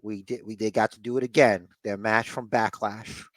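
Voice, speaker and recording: A man's voice: on the low side, dry recording. A man co-hosting a casual wrestling recap podcast, rambling with fillers and acting out bits. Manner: acts out wrestlers' lines in quick, animated put-on voices. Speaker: podcast co-host.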